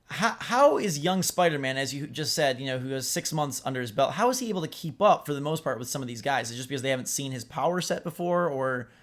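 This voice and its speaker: A man's voice: medium pitch, lively intonation, fast talker, few pauses, fairly bright tone. A young man co-hosting a casual movie review, teasing and quizzing his co-host.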